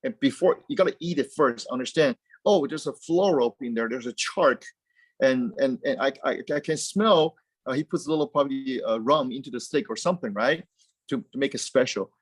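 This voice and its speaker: A car company founder appears as a guest in a casual interview chat, speaking animatedly and rambling with frequent restarts and repeated words. His mid-range voice is fairly quick, and the sound is dry and close with no room sound.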